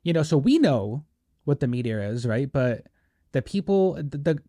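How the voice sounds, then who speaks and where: A man's voice: mid-range voice, animated, moderate pace, mellow, dry recording, clean studio sound. A man hosting a casual podcast, rambling and joking with lots of fillers. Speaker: podcast host.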